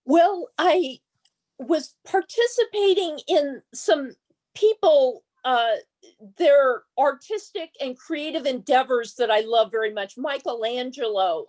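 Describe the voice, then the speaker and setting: High-voiced, slow-speaking woman guest. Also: a little mellow, poor audio. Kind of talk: interview answers.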